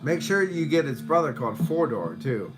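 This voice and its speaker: A man casually reviewing a beer on a live stream at home, rambling, swearing, and now and then breaking into shouts at viewers. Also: on the high side, very animated, normal speed, loud music behind the voice, poor audio.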